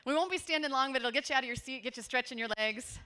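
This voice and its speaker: A woman in her forties giving a conference workshop talk, telling stories in a lively, conversational way with asides to her audience. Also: sits high, fast talker, clear, resonant tone. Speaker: workshop presenter. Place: conference room with a seated audience.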